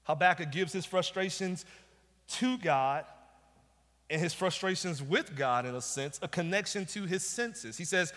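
A male pastor preaches with a notably high voice, leaning hard on repeated rhetorical questions. His delivery is emphatic and pointed. The sound rings out with the long reverb of a large church sanctuary. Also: a little slow, a bit bright. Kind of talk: sermon.

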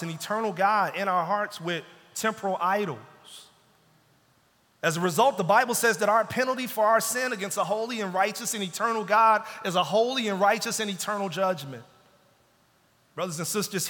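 A man's voice: a little high, sharp tone. A man preaching a sermon as pastor, building in intensity and dropping into pleading asides. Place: church sanctuary. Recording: long church reverb.

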